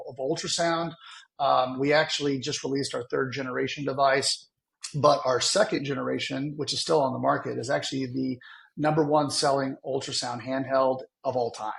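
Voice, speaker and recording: A man's voice: medium pitch, gravelly. A man who is a guest on a podcast, explaining his work enthusiastically in a casual interview, with many fillers along the way. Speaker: guest, sales executive.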